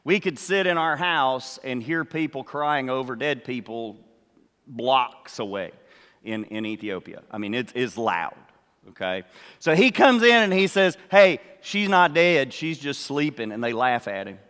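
An older man preaching a sermon, telling the story slowly and acting out what the characters say. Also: mid-range voice, lively intonation, a bit bright, clean tone, in a large hall. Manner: slow storytelling, acts out the characters' words. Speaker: pastor.

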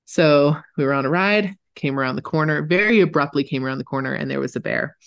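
A woman co-hosting a podcast, telling stories in a lively, casual way and swearing freely. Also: low voice, fast, gravelly, muffled recording. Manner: animated, chatty, swears casually, laughs often. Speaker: podcast co-host. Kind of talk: casual storytelling chat.

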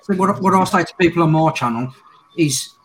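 A chatty man with a Scouse accent, his voice a touch higher than most men's. He rambles, swears casually and hosts a relaxed podcast chat. There is a faint hiss under the recording. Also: a little fast, poor audio. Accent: English, Scouse. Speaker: podcast host.

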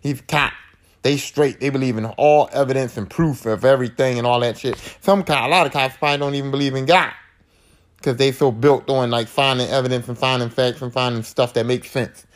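A man's voice: medium pitch, steady tone, fairly quick. A man hosting a podcast, recapping a horror film in a casual, profane monologue and acting out the characters' lines. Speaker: podcast host.

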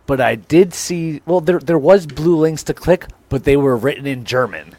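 A young podcast co-host tells a rambling, self-deprecating story in casual chat, acting out both sides of the conversation. His voice is a little high and dark-toned, at a moderate pace, in a dry recording.

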